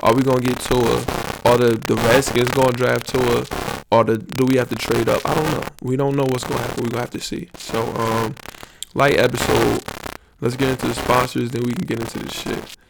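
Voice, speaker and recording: A man hosting his own podcast in casual solo talk, rambling and slangy with frequent restarts, his energy low. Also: level tone, fairly quick, vocal fry, over loud music, rough recording. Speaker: podcast host.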